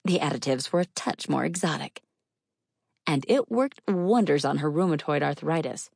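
A woman narrating a first-person novel in a measured, wry storytelling manner. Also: low voice, creaky, breathy edge, dry recording, clean studio sound. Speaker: audiobook narrator.

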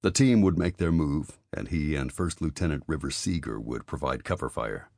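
A man narrating an audiobook in an even, measured reading. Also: a bass voice, no room sound, studio quality. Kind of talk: scripted narration.

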